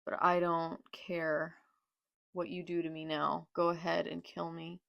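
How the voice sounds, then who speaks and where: A woman's voice: lowish voice, level tone, a little slow, vocal fry, no room sound, lo-fi sound. A woman reading out a bitter betrayed pirate captain. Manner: accusing, subdued read-aloud.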